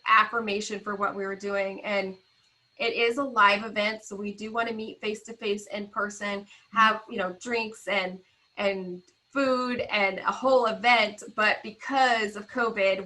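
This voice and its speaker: A woman's voice: medium pitch, sharp tone, low-quality recording. A woman guest on a video-call interview, telling her story with enthusiasm. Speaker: guest, podcast founder.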